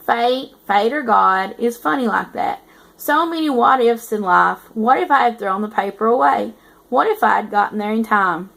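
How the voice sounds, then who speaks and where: Brief: cocky young college guy narrating, told in a fairly high woman's reading voice. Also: creaky, fairly bright tone. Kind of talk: reading a novel aloud.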